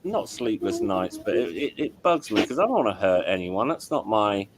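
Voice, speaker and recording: With crowd noise around him, a middle-aged host and audio engineer talks at a moderate pace in a lowish voice marked by big swings in pitch. His casual chat is rambling and apologetic, full of restarts.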